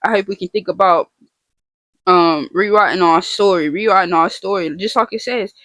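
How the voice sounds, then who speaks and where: A woman's voice: on the low side, normal speed, a bit bright, dry recording. A woman giving a casual faith talk to her viewers, earnest and emphatic, repeating her phrases and putting rhetorical questions to the listener. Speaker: vlogger teaching about the names of God.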